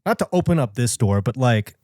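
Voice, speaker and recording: A man's voice: mid-range voice, animated, a little fast, a little mellow, dry recording, clean studio sound. A man from Hawaii chatting on a comedy podcast, making crude jokes and sometimes tripping over his careful wording. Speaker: podcast co-host. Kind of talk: casual comedic chat.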